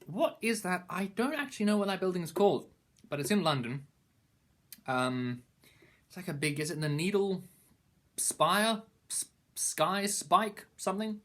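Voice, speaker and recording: A young man rambles through a casual product review with a playful, mock-grand tone. His voice is bright and sharp, and his pitch leaps up and down all the time. He heaps jokey praise on ordinary things. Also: lively intonation, unhurried, long pauses.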